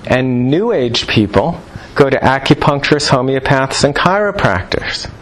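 A man giving a live lecture to practitioners, animated and jokey, firing rhetorical questions at the room. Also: medium pitch, normal speed, slight background noise, rough recording. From New York. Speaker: lecturer on Chinese medicine.

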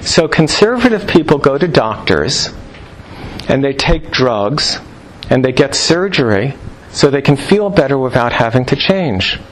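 Man lecturing live, animated, joking, rhetorical questions, mid-pitched voice, faint room hum. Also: unhurried, poor audio. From New York. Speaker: lecturer on Chinese medicine.

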